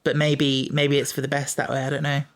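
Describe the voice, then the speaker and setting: A man's voice: medium pitch, monotone, brisk. A young man co-hosting a podcast, talking casually and hesitantly about a TV episode with many fillers. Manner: agreeable, hesitant, lots of fillers. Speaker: podcast co-host. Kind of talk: casual chat reviewing a TV episode.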